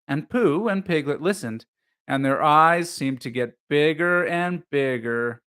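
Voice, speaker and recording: A man reading a children's storybook aloud in a gentle narration. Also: on the high side, unhurried, clean tone. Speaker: reader.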